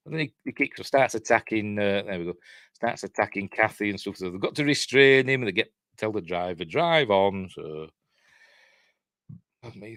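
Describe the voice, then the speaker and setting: Casting: a rambling, chatty Yorkshire film reviewer, deep voice, dry recording. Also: male voice, no echo. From Yorkshire, England. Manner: rambling, chatty, lots of fillers and chuckles. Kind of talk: casual film breakdown.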